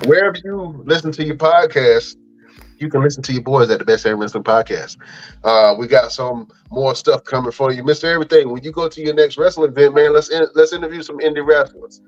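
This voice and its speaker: A man's voice: on the high side, fairly quick, muffled recording, faint music behind. A man hosting a wrestling podcast, casually running through the show's plugs in a laid-back, slangy, rambling way. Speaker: podcast host.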